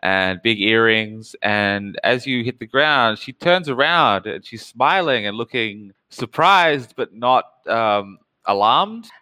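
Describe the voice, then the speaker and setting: A male game master narrating a tabletop game, piling up details as he sets each scene. His voice is bright and smooth, recorded close with a dry sound. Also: medium pitch, lively intonation, slow pace, few pauses, no room sound. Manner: descriptive, fond of lists of details.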